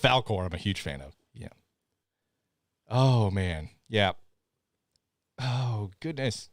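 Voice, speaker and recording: A man's voice: fairly low pitch, animated, takes it slowly, dry recording, clean studio sound. A man co-hosting a live podcast stream, chatting casually with plenty of laughter. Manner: playful, laughs often, talks to his dogs. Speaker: podcast co-host.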